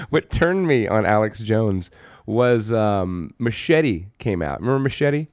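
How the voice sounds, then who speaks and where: Animated, swearing podcast co-host man. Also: on the low side, takes it slowly, dry recording, clean studio sound. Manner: animated, swears often, laughs a lot. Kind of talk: casual podcast chat.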